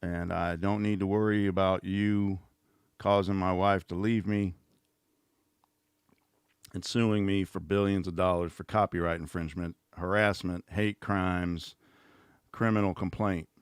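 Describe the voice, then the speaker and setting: A middle-aged host rambles through a casual livestream, tossing in sarcastic, mocking asides. His very low, deep voice stays fairly flat in pitch, a bit slow and smooth, recorded dry and close with no room sound at all.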